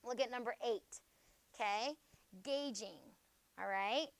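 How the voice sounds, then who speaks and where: A woman's voice: on the high side, takes it slowly, creaky, smooth, dry recording. A woman teacher giving a spelling lesson to a class, checking in with "okay?" after nearly every phrase.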